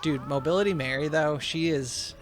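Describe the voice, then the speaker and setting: A man's voice: fairly high pitch, normal speed, soft background music. A young man co-hosting a podcast, chatting casually while playing a video game and telling stories animatedly. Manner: animated storyteller, swears casually. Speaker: podcast co-host.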